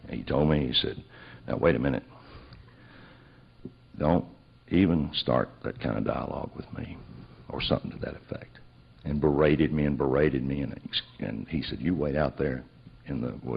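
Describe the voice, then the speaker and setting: Very deep gravelly guy telling old stories, husky, dull lo-fi sound. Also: normal speed. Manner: storytelling, acting out both sides of remembered dialogue. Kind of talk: telling a personal story. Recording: dull lo-fi recording.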